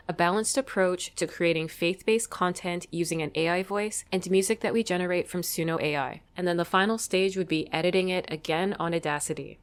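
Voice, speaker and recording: A woman hosting a software tutorial, walking through each step in a calm, methodical way. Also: lowish voice, clear, resonant tone. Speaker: tutorial host. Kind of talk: screen-recorded software tutorial.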